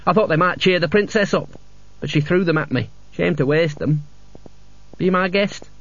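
A man's voice: on the high side, moderate pace, a bit bright, pitched above the performer's own voice. A man reading an audiobook, voicing a scruffy, cheerfully vague male wizard who rambles apologetically, on a dull lo-fi recording. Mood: mild, rambling.

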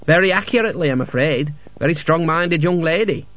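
A man's voice: fairly high pitch, fairly quick, a bit bright, no echo, lightly acted. A man reading an audiobook, voicing a scruffy, cheerfully vague male wizard who rambles apologetically, on a dull lo-fi recording. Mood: mild, rambling.

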